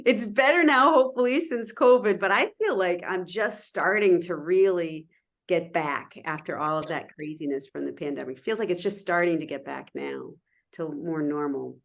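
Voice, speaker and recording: A middle-aged woman giving a lively, interactive online lecture over a video call, often checking in with her listeners. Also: low voice, moderate pace, vocal fry. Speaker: guest presenter.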